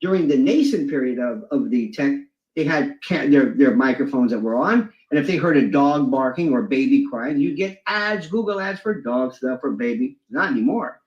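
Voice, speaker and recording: Expressive and a little mellow, a man tells animated stories as a guest at a moderate pace with few pauses, regularly swinging into high impressions. The sound is lo-fi, dull and echoey.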